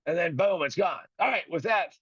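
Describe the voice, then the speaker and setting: A man's voice: high-pitched, lively intonation, moderate pace, fairly bright tone, husky, no room sound. A man hosting his own show, ranting with profanity and indignation and acting out both sides of a phone call. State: recovering from a broken finger. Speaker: podcast host. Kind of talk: ranting monologue.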